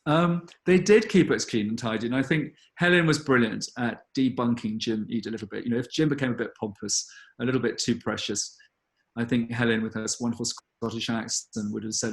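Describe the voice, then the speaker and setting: Man of middle pitch, earnest director taking audience questions, hesitant thoughtful delivery. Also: brisk. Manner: earnest appeal, thoughtful with frequent ums. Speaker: gallery director. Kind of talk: live online Q&A talk.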